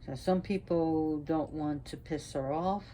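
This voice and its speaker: Low-pitched woman, priestess giving a talk, unwell and short of breath, slow and halting, faint noise in the background. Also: mellow. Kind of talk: spoken talk on mythology.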